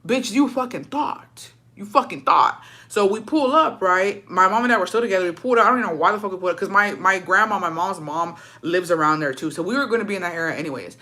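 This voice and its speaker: A young woman spins a storytime tale in a bright, forceful voice. She curses constantly and slides between English and Spanish. She jumps into the voices of the people she quotes as she goes. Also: fairly low pitch, racing, hardly any pauses. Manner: profane, animated, acts out quoted dialogue; slips into Spanish phrases. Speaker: storytime vlogger. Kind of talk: casual storytelling.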